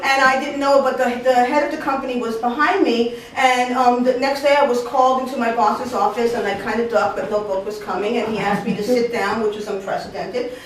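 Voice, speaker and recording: A woman's voice: on the high side, brisk, few pauses, a little hiss or hum. A Puerto Rican woman in her forties telling a comic story live on stage, acting out the voices of the people in it. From Puerto Rican family. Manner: animated, comic, acts out quoted voices. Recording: echoey room, mic from a distance.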